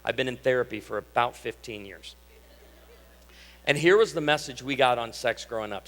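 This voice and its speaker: Joking pastor preaching in a reverberant hall. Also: male voice, mid-range voice, moderate pace, fairly bright tone. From Illinois. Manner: conversational, humorous preaching with scripture readings. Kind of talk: sermon. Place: church hall. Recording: long reverb of a church hall.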